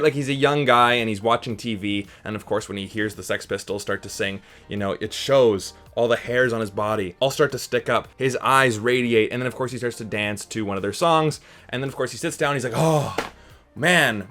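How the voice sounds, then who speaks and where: A man's voice: medium pitch, a bit bright. A young man hosting a casual movie review to camera, upbeat and chatty, often tossing in "right?" as he talks.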